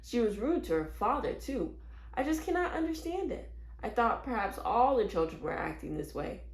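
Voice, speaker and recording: A woman's voice: fairly high pitch, big pitch swings, normal speed, roomy sound. A woman voicing a prim, earnest mother who is worried about her daughter. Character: worried, proper mother of a young girl.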